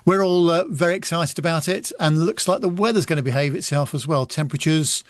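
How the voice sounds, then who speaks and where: Male podcast host, upbeat announcing, slightly high pitch, dry close sound. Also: brisk, no echo. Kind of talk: casual chat and show sign-off.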